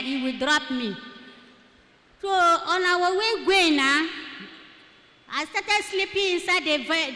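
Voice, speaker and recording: High, bright Nigerian woman testifying. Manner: storytelling, slipping into Pidgin phrases. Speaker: church member giving testimony. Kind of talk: testimony in church. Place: church hall. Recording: echoey church hall.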